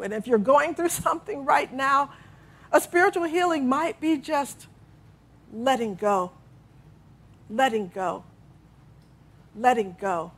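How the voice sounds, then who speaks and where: A middle-aged woman preaching a sermon with a slightly high, expressive voice. She leads her listeners through repeated affirmations in a call-and-response style and breaks into laughter often. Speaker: minister.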